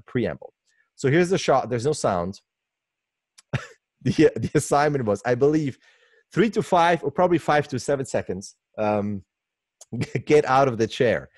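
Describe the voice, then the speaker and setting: Laughing often and gushing with excitement, a guest animator in his forties gives webinar commentary over a video call mic from his home workspace. He speaks at a medium pitch. There's no room sound, and the audio is clean like a studio.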